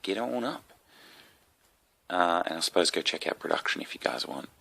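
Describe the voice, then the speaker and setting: A man's voice: low-pitched, expressive, moderate pace, creaky, pushed and bright. An Australian man with a sick, coughing voice, hosting a rambling solo comedy podcast full of swearing and asides.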